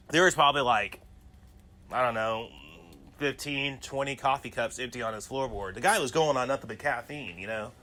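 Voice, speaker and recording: A man with a bright, forceful voice talks through personal stories in a loose solo podcast. He rambles and keeps dropping "you know" between his thoughts. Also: medium pitch, measured pace, long pauses. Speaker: podcast host. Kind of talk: casual personal storytelling monologue.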